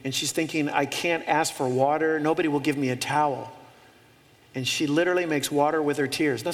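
Animated male preacher in a reverberant hall. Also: a little high. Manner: animated storytelling with humorous asides. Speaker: pastor. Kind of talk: sermon.

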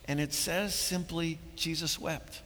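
A man's voice: fairly high pitch, fairly even intonation, measured pace, bright, forceful tone, long reverb tail, slight background noise. A man preaching a sermon, earnest and building to emphatic points, often repeating words as he goes.

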